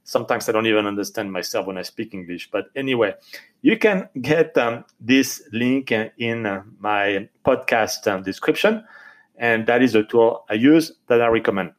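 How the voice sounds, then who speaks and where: A man with a French accent, a podcast host speaking in English, earnestly urging listeners and filling pauses with many ums and uhs. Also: medium pitch. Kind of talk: advice podcast talk.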